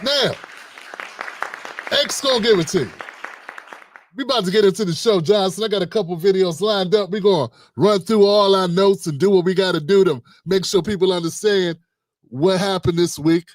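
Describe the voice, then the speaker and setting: Give me a middle-aged male host doing a livestream, high-pitched, dry sound, joking and slangy. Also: brisk, no echo, some chatter behind. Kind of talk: livestream commentary.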